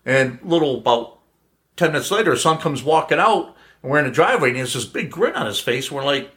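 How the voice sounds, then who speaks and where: Fast and sing-song, with a fairly bright tone and a voice on the high side, this middle-aged guest storyteller spins a casual tale for family. He's a playful prankster who laughs a lot.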